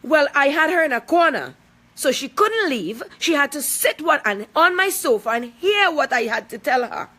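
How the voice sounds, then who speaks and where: A woman's voice: high voice, big pitch swings, normal speed, pushed and bright. A woman, speaking out in a confrontational, emphatic personal video, repeating points for force. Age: 40s. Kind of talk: angry personal video statement.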